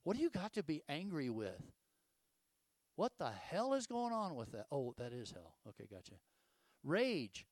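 A man's voice: on the high side, wildly swooping pitch, moderate pace, no room sound. An older man, preaching a casual, folksy sermon full of rhetorical questions and stories. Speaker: pastor.

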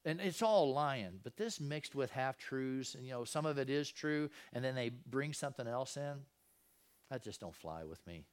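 A man's voice: medium pitch, expressive, moderate pace, clear, resonant tone. Folksy man preaching casually. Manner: conversational, peppered with rhetorical questions; folksy, repeats and restarts phrases. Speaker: Christian preacher. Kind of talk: casual Bible teaching.

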